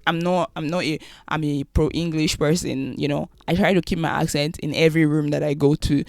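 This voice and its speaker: A woman's voice: low voice, steady tone, moderate pace, darkish tone, no echo. A Nigerian woman with a Nigerian accent, giving an emphatic opinion monologue and often repeating phrases.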